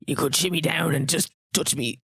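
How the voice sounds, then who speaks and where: Husky-voiced playful man at a game table. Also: a little high, fairly even intonation, moderate pace, pushed and bright, no room sound. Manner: jokey, playful. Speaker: player. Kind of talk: casual game chat.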